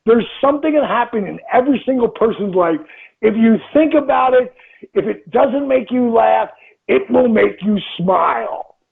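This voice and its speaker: A gravelly, husky man in his sixties talks in a motivational interview. He is emphatic, loops back on key phrases and acts out inner voices. The sound is thin and phone-like. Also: very high-pitched, expressive, normal speed. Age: 60s. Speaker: interview guest. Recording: tinny phone-like line.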